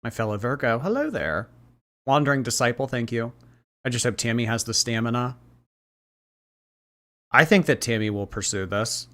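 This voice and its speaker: Male streamer, chatty commentary host, mid-pitched voice. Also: lively intonation, moderate pace, long pauses, fairly bright tone. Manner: reacts to clips, thanks viewers by name. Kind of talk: casual livestream commentary.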